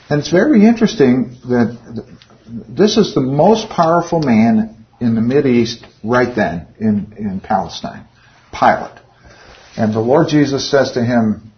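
A man's voice: medium pitch, dull audio. A man leading an informal Bible study, speaking conversationally and often putting rhetorical questions to his listeners.

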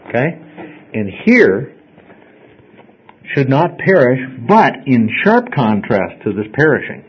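A man's voice: medium pitch, very animated, slow pace, long pauses, breathy edge, dull audio. Conversational male Bible teacher. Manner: conversational, explains step by step, checks in with "okay?". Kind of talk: Bible study class teaching. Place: classroom with listeners.

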